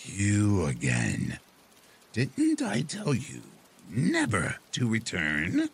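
Stern old witch, slow deliberate speech, archaic words, husky voice, as a man plays her. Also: low voice, sing-song, heavily acted. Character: stern, ancient woodland witch.

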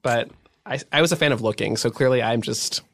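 A young man chatting as a podcast guest, circling his stories with endless "like"s and restarts. His voice sits at an ordinary middle pitch. The sound is close and dry, with no room around it. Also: a little fast, a bit bright, no echo. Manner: rambling, filler-heavy storytelling with many "like"s. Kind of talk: casual chat.

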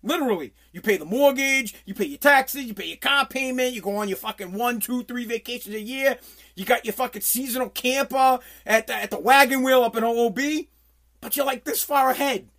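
A man, ranting casually on air, blunt and profane, flaring into loud bursts. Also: very high voice, a little fast. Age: 40s. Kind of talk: casual rant.

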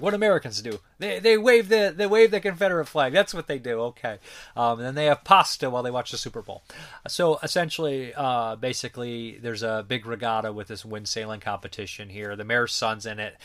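A man's voice: mid-range voice, a bit bright. A man reviewing films in a casual, rambling way, joking and swearing freely. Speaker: movie reviewer.

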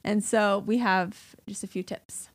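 A woman's voice: mid-range voice, fairly even intonation, a little slow. A woman in her thirties co-hosting a parenting podcast, talking casually with lots of fillers and laughs. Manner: chatty, filler-heavy, laughs often. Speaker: podcast co-host. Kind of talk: casual chat.

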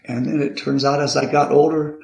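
Older male guest, gravelly voice, halting reflective delivery, echoey room. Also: a little high, little pitch movement. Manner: halting and reflective, often repeating words. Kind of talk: conversational interview. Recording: roomy echo.

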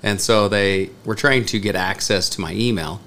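A man's voice: on the low side, normal speed, pushed and bright. A man co-hosting a casual podcast, telling a story with lots of laughter. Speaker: podcast co-host.

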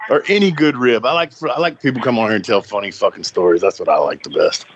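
A man's voice: on the low side, fast, lo-fi sound, a little hiss or hum. A man hosting a podcast in loose casual chat, laughing often and swearing freely. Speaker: podcast host.

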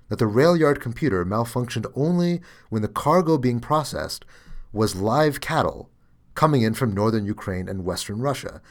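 A man hosting a podcast, reading a debugging story aloud and then musing with fillers and restarts. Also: fairly low pitch. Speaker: podcast host.

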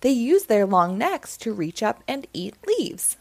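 Storybook robot kid, cheerful and explanatory, read by a woman; slow, lively pitch. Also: gravelly, dry recording, exaggerated voice. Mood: explaining. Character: friendly cartoon robot boy.

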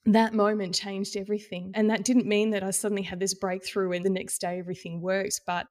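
A middle-aged woman, a podcast guest, telling a candid personal faith story with animated, laughing delivery. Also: medium pitch, a little fast. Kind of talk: personal testimony in conversation.

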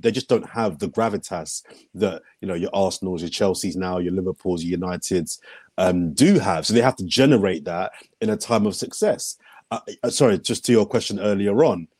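A man's voice: fairly low pitch, a little mellow, dry recording. A man co-hosting a casual football podcast, talking emphatically and repeating his points. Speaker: podcast co-host.

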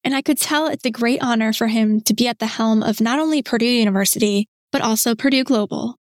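A woman podcast host giving a scripted narration in an even, explanatory way. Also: a little high, fast talker, dry recording, studio quality.

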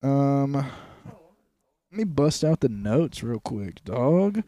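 A man's voice: mid-range voice, very animated, takes it slowly, mellow, no echo. A young man co-hosting a casual comedy podcast, joking in crude slang and calling people dude and dog. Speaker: podcast co-host.

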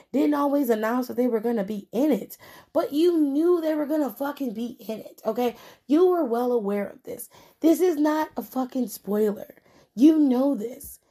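A woman's voice: fairly high pitch, dark tone. Profane ranting woman podcast host. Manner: blunt, profane ranting at listeners. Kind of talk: casual podcast commentary.

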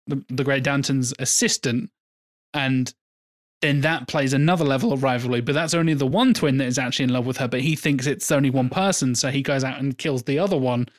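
A man's voice: medium pitch, moderate pace. Enthusiastic man rambling about films. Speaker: podcast co-host. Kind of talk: casual film discussion.

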